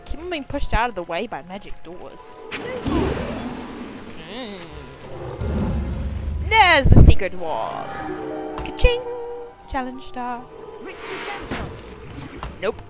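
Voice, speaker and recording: Excitable young woman gaming, lively pitch. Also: slow pace, pauses often. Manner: excitable, self-mocking, yelps at the game. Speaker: let's play gamer. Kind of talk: casual game commentary. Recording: game music playing behind.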